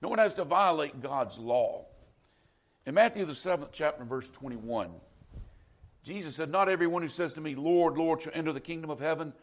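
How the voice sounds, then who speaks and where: Earnest older preacher, slightly high. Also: male voice. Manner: earnest, emphatic, quotes scripture. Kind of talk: sermon.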